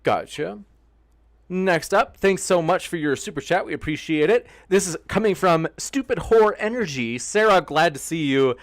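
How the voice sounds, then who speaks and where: A man's voice: high-pitched, expressive, normal speed, dry recording, clean studio sound. A man moderating a debate, easygoing and a little hesitant as he reads out viewer questions.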